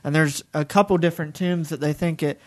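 A young man speaking calmly and plainly, giving his thoughts in conversation. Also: on the high side, brisk. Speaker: guest, son of the preacher. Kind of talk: conversational reflection.

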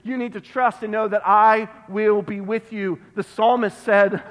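A male pastor delivering an emphatic sermon, repeating phrases and dropping to a hush on key words, recorded in a church sanctuary. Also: high voice, fairly even intonation, measured pace. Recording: long reverb of a church hall.

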